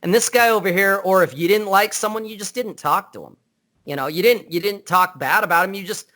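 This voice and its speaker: Heard via Skype, this man is a guest on a podcast, speaking bluntly and without a filter as he rambles and restarts sentences in casual interview chat. For a man his voice sits somewhat high, and it comes out pushed and bright at a fairly quick pace.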